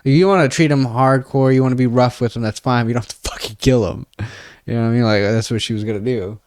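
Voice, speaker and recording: Rambling man with a smooth voice. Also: medium pitch, fast, no echo, studio quality. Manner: rambling, animated, mocking voices. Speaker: podcast co-host. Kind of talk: casual anime discussion.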